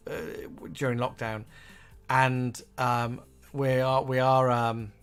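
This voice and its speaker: A man's voice: mid-range voice, little pitch movement, slow pace, fairly bright tone, clear, resonant tone, faint music behind. A man co-hosting a casual online chat show, talking through old sitcoms and reading viewers' comments aloud with lots of fillers. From England. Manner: chatty, reads comments aloud with frequent fillers. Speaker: co-host.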